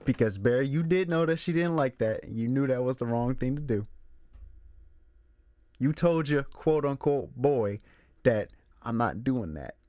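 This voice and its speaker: A man hosting a casual solo movie talk, emphatic and animated, repeating his points. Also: mid-range voice, unhurried, long pauses, dry recording, studio quality. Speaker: movie review host. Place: room with a squeaky chair.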